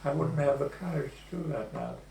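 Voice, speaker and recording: A man in his eighties recalling the past in an oral history interview, telling his story slowly and with pauses. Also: on the high side, vocal fry, mellow. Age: 80s. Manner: slow, measured storytelling with pauses. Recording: echoey room with faint hum.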